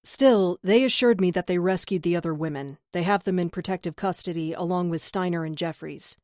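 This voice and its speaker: In this audiobook, a woman reads a troubled male police officer who sounds heavy-hearted and subdued. The voice sits lowish and close, with a dry, dead studio sound. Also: a little fast, darkish tone, no echo, lightly acted. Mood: worried. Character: troubled male cop, worried about his brother.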